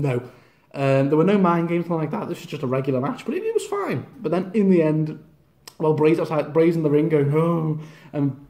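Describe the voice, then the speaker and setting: A man's voice: fairly high pitch, dark tone. A man giving a casual, rambling wrestling review, often acting out the wrestlers' lines.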